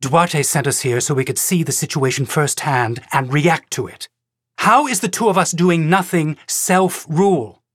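A man voicing a sharp, impatient woman official who speaks in a forceful, cutting way. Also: medium pitch, normal speed, few pauses, no room sound, studio quality, close to an everyday voice. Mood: insistent.

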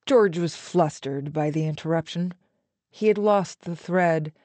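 A woman narrating an audiobook with an even, measured reading. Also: fairly low pitch, no room sound.

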